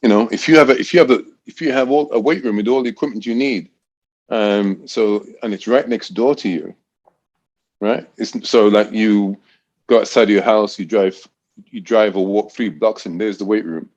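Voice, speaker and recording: A man's voice: lowish voice, normal speed, a little mellow, highs cut off. A man in his sixties from Great Britain, a college throws coach telling stories in a casual interview, rambling with frequent restarts.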